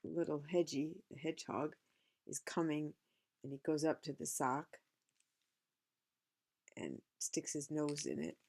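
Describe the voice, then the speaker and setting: A woman's voice: deep voice, steady tone, a little slow, pauses often, a little mellow. A woman reading a picture book aloud to a child, chatting about the pictures as she goes.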